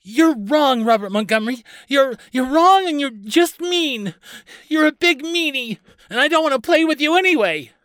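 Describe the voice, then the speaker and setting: A man voicing a spirited, stubborn little girl in a high, pouting voice, for a storybook reading. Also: sing-song, normal speed, fairly bright tone, dry recording, studio quality. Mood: indignant.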